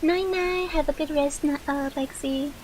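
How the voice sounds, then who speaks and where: A woman's voice: high voice, normal speed, a little mellow, a little hiss or hum, low-quality recording. A young woman streamer chatting casually with viewers while drawing, swearing freely and reacting to chat.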